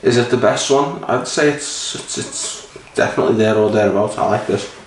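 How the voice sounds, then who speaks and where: A man's voice: fairly low pitch, normal speed, a little hiss or hum. A man rambling casually and swearing while reviewing a beer, a little sleepy. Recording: roomy echo, mic at a distance.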